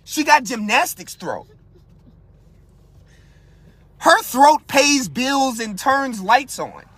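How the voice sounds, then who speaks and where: A young man hosts a podcast with an extremely high, husky voice, delivering a crude, animated comedic rant. He takes it slowly, firing rhetorical questions at his listeners one after another, recorded dry on a podcast mic.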